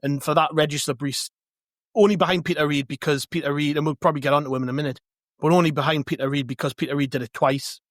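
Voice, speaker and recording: A man co-hosting a casual football podcast, animated and argumentative, often restarting his phrases. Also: on the high side, fast, dry recording, studio quality. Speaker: podcast co-host.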